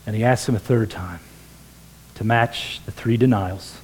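A man preaching a sermon as pastor in a church, earnest, dropping to a hush for quoted words. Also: on the low side, unhurried, slight background noise, low-quality recording. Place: church sanctuary.

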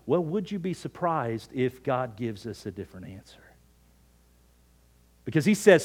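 A middle-aged pastor delivers a sermon full of everyday stories, speaking with lively energy and sinking to hushed near-whispers when he wants to stress a point. His husky, mid-range voice moves a little slowly, with frequent pauses.

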